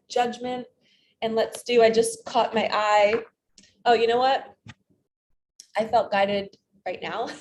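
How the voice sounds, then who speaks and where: A woman talks as a spiritual coach in a relaxed, chatty vlog. She tells everyday stories and acts out her own inner questions as she goes. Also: mid-range voice, a little hiss or hum. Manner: chatty, retells stories with quoted self-talk. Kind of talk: casual vlog storytelling.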